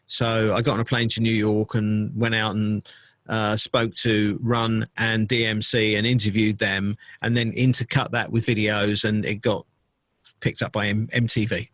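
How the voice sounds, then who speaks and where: A middle-aged man, a DJ and producer, recalling his career in a casual interview, relaxed and full of fillers. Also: on the low side, moderate pace, no echo. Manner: relaxed storytelling with many fillers.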